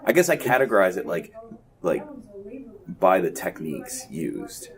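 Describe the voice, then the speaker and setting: A man with a very deep voice chatting casually as a podcast co-host. He rambles and thinks aloud as he talks. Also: very animated, a little slow. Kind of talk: casual chat.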